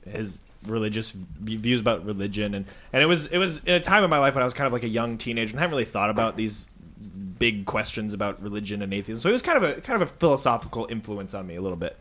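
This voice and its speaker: A young man in casual chat, telling a joke in a halting way with many ums and restarts. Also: fairly low pitch, very animated, fairly bright tone.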